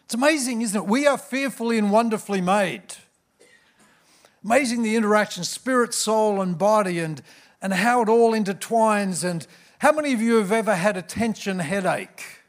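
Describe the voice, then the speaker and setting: Man, 60s, pastor, church sermon, humorous asides, slightly high pitch. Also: moderate pace. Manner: warm, humorous storyteller with self-mocking asides.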